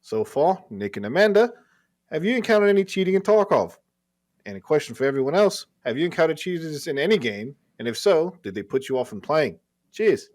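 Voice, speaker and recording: A man's voice: on the high side, big pitch swings, fairly quick, pitched above the performer's own voice. A man reading out a listener's letter in a put-on Australian accent, as a cheerful Australian guy. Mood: cheery. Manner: bright, loud, upbeat letter reading.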